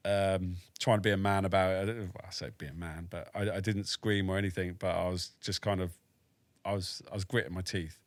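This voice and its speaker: Frank, low-voiced British army veteran. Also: male voice, no room sound. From United Kingdom. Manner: frank and matter-of-fact, swears, dry humour. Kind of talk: casual storytelling in a podcast interview.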